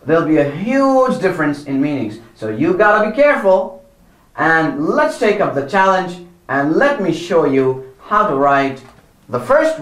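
A man with a fairly high voice teaches children Quran recitation at a slow, careful pace. He patiently repeats each word and points out the wrong ways to say it. The sound carries a noticeable room echo. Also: a bit bright.

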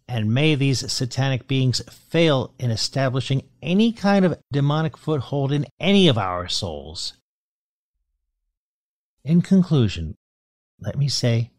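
A man hosting a podcast, reading a script and reciting prayers in a solemn, measured way. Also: medium pitch, very animated, no echo, clean studio sound. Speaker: podcast host.

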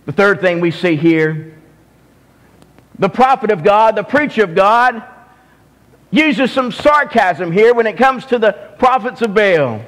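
A man with a Southern US accent preaching a sermon as pastor, slow and deliberate, often restarting his phrases. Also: sits high, expressive, fairly bright tone. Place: church sanctuary. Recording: long hall reverb.

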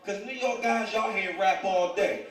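A man doing a stand-up comedy set from New Jersey, animated and switching into quoted voices on stage. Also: sits high, a little slow. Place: comedy club with a live audience. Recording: echoey club from far off, crowd noise.

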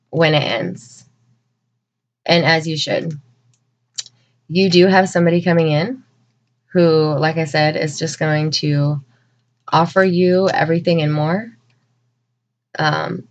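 Woman tarot reader, emotional and unhurried, muffled home-video sound. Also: lowish voice. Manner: slow, earnest, emotional, with many pauses. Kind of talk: channeled spiritual message to viewers. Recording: dull lo-fi recording.

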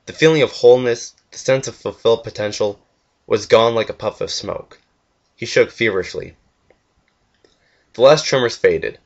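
A man's voice: mid-range voice, normal speed, long pauses. A young man earnestly reading a fan story aloud, with the odd stumble and restart. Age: young adult. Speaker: fanfiction reader. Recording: dull lo-fi home recording.

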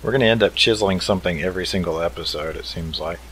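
A man's voice: sits low, fast, a bit bright, slight background noise, low-quality recording. A man hosting a let's play, thinking aloud in an easygoing way as he builds. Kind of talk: casual game commentary.

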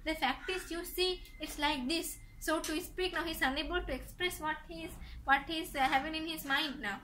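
A woman from Sri Lanka explaining a play to students, halting and repeating herself with many fillers. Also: sits high, pushed and bright, a little hiss or hum. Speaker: literature teacher.

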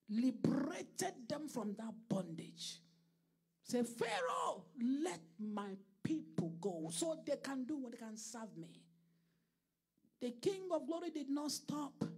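A woman pastor preaching with high, lively pitch that leaps and falls across her phrases. She delivers her sermon at a slow, deliberate pace with a gravelly texture, breaking into shouts and then dropping to hushed asides. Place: church.

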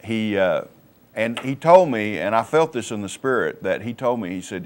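A man sharing his personal faith testimony on a Christian TV program, plainspoken and halting. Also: lowish voice, very animated, slight background noise. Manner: plainspoken, halting, many fillers. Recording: local cable TV studio.

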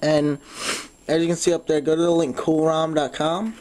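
A man's voice: fairly high pitch, level tone, moderate pace, a little mellow. A man with a stuffy nose hosting a casual phone tutorial, rambling with lots of "um" and swearing when frustrated. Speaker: tutorial host.

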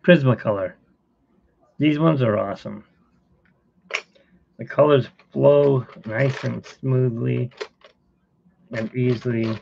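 A man's voice: mid-range voice, takes it slowly, vocal fry, long pauses, warm tone, muffled recording, slight background noise. A middle-aged man hosting a casual live stream from home, rambling and chuckling as he talks to viewers while he sketches. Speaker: host.

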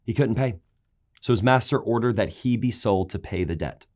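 A pastor preaching a sermon, retelling scripture stories with lively, raised voices for the quoted complaints. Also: male voice, lowish voice, normal speed. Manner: animated storytelling, raising voice for quoted complaints. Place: large church auditorium.

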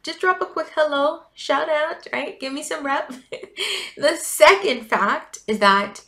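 A woman's voice: sits high, lively intonation, takes it slowly, sharp tone. A chatty, giggly woman from Jamaica with a light Jamaican accent blended with Canadian, talking casually in a personal vlog. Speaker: vlogger, event business coach. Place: at home.

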